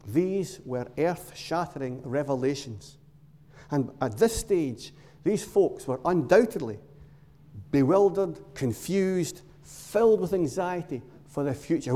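A man's voice: fairly high pitch, lively intonation, mellow. Man preaching in a reverberant church. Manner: storytelling, dramatic pauses and short emphatic phrases. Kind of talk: sermon. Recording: long reverb of a large hall.

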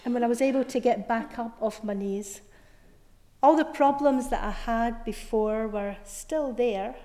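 Slow, earnest woman preaching in a reverberant church. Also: a little high. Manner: earnest storytelling, soft emphatic repetition. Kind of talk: Easter sermon.

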